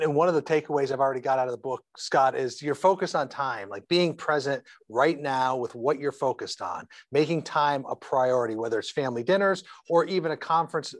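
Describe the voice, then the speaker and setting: A man's voice: fairly high pitch, no echo, studio quality. A man interviewing a guest, engaged and summarizing points from the guest's book. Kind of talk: conversational interview.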